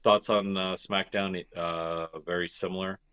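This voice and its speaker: A man with a very deep voice co-hosts a casual podcast. His tone is pushed and bright, and he speaks with emphasis. He drives his points home by repeating key phrases. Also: little pitch movement, a little slow, smooth. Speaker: podcast co-host. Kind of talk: casual chat.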